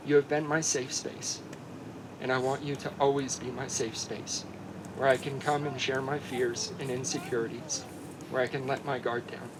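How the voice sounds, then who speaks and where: A man, the groom, reading his wedding vows in an earnest, heartfelt way, his voice softening at the tender lines. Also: mid-range voice, little pitch movement, normal speed, noisy background.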